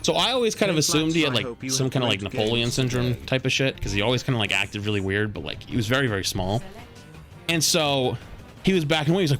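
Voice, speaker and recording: A man's voice: mid-range voice, expressive, fast, over music. Man heatedly telling a story. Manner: heated, profane retelling. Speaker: streamer. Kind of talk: casual storytelling.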